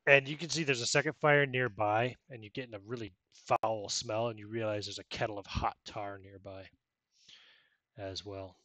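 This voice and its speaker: A man's voice: fairly low pitch, fairly even intonation, normal speed, bright, forceful tone, dry recording. A man narrating a tabletop game as game master, in a casual way with many fillers and self-corrections.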